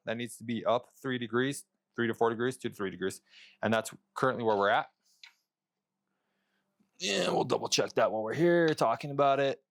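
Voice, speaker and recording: A man casually explaining his fabrication work to the camera in a workshop vlog, rambling, muttering and swearing to himself as he measures. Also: medium pitch. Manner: loose and rambling, talks to camera while measuring. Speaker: custom truck fabricator.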